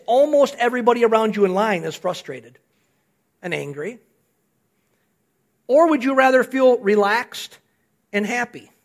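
Older male pastor, high lively voice, chatty sermon full of questions to the congregation. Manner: conversational storytelling, rhetorical questions to the congregation.

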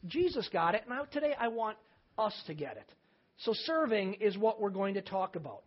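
Middle-aged pastor preaching conversationally. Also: male voice, sits high, lively intonation, normal speed. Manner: conversational, emphatic preaching with folksy humor. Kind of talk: sermon. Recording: slightly dull lo-fi sermon recording.

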